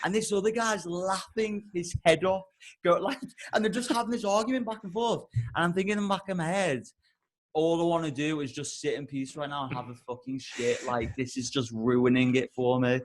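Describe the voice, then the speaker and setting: A young man on a podcast, telling a comic story with heavy swearing and loud, exasperated outbursts. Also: sits high, a little fast. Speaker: podcast co-host.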